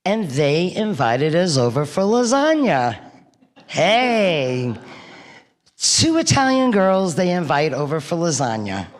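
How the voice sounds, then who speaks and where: Middle-aged New York woman, laughing storyteller giving a eulogy, unhurried, long church-hall reverb. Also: low voice, big pitch swings. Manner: chatty storyteller who laughs through her stories. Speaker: eulogy speaker. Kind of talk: eulogy sharing funny memories.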